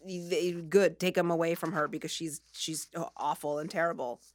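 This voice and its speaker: A woman's voice: sits low, steady tone, normal speed, dry recording. A woman hosting a radio show who gives blunt, dry opinions in casual chat.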